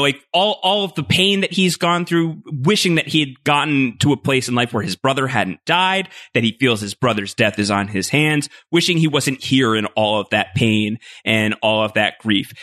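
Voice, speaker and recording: A man's voice: mid-range voice, lively intonation, moderate pace, hardly any pauses, bright, forceful tone. A man co-hosting a podcast, talking in a loose, rambling way full of fillers and restarts. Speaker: podcast co-host. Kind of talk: casual podcast discussion.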